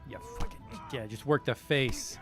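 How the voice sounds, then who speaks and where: A man's voice: medium pitch, normal speed, over music. A young man giving casual, joking, profane commentary while streaming a game, sometimes reading tutorial text aloud.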